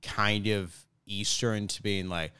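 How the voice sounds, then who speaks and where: A man with a very deep voice, a comedian guest in casual podcast chat, telling stories in a laid-back, profane way. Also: fairly even intonation, slow pace, sharp tone, clean tone, no echo.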